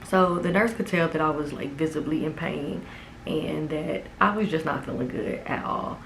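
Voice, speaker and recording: Low-voiced young woman telling her story. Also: normal speed, vocal fry, a little hiss or hum, rough recording. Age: 20s. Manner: casual and emphatic, with many "like"s and "okay?". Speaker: vlogger. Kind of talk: personal storytelling vlog.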